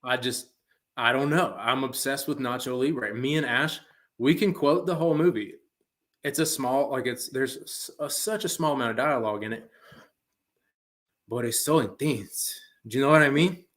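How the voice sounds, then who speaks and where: A man chats as a guest on a talk stream. His voice sits in an everyday middle pitch, and his manner stays loose and playful, ready to slip into a joke. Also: normal speed, a bit bright. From Appalachia, USA. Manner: playful, talkative, jokes around with mock-Spanish bits. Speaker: guest actor. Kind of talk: casual chat.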